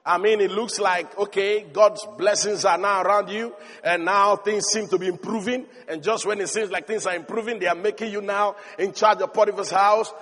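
A man preaching a sermon, telling the story with animation and building to emphatic shouts. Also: high-pitched, fairly even intonation, moderate pace, few pauses. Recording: long hall reverb.

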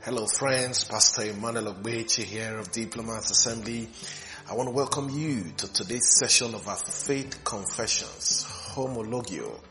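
A male pastor preaching slowly and emphatically, repeating phrases with rising fervor. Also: fairly low pitch, sharp tone, faint music behind. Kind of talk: sermon.

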